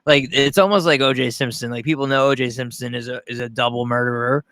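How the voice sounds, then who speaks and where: A man's voice: medium pitch, fairly even intonation, fast, fairly bright tone, no echo. A man from Long Island rambling through a profane livestream reaction at home, restarting sentences as he goes. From Long Island, New York. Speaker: streamer reacting to a news clip. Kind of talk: casual livestream commentary.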